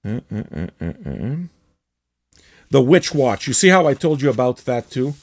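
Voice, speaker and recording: Rambling, excitable man reviewing records. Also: mid-range voice, quick pace, no echo, studio quality. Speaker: record review show host. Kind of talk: casual record review chat.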